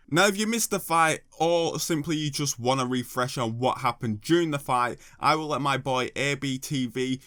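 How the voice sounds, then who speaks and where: A man's voice: fairly high pitch, moderate pace, a bit bright, no echo. A man doing mocking, sarcastic comedic commentary with a slightly raised voice. The recording is close and dry, with no room sound. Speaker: YouTube commentator.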